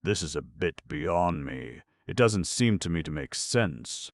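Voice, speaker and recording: Dopey posh young gent, bumbly and plaintive, super deep creaky voice, man reading him. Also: lively intonation, a little slow, no room sound, clean studio sound. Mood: bumbling. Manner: plaintive, bumbling, upper-class slang. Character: dim-witted, good-natured young gentleman.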